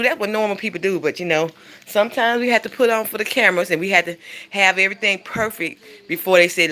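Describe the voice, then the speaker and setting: A cooking vlogger livestreams from her home kitchen, making breakfast while chatting casually to her viewers and addressing them directly. She talks fast, with a mid-range voice and a sharp tone.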